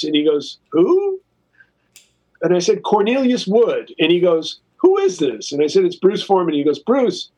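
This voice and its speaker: A man's voice: on the high side, darkish tone, low-quality recording. Loose, profane male storyteller. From California. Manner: loose, profane, full of "you know" and "like". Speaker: guest musician. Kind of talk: casual storytelling.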